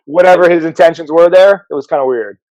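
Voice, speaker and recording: A man's voice: a little high, quick pace, darkish tone, dull audio. A man who coaches at a surf camp, chatting as a guest in a laid-back way, laughing often and using surfer slang. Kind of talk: casual chat.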